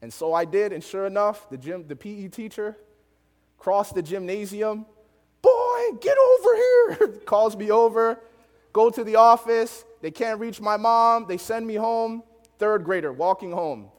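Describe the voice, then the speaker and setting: A young man preaching, telling a story from his childhood in an animated way, laughing often and acting out the voices of the people in it. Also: high voice, normal speed, long reverb tail. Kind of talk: storytelling sermon.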